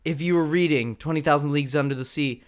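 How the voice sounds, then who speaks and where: A man's voice: fairly high pitch, fast talker, clear, resonant tone. A man co-hosting a podcast, chatting about a film casually, joking, swearing and laughing. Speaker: podcast co-host. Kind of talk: casual movie review chat.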